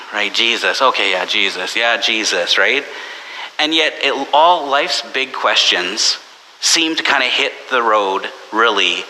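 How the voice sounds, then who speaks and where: A man preaching a sermon as pastor, conversational and anecdotal, slipping into animated voices for the people he quotes. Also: mid-range voice. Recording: long church reverb with faint hiss.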